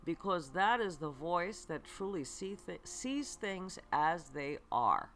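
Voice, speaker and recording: Slow, lively-voiced spiritual podcast woman. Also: lowish voice, faint music behind. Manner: slow and earnest, often checking in with "okay"; asks the listener repeated rhetorical questions. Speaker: podcast host and psychic reader. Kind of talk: spiritual self-help monologue.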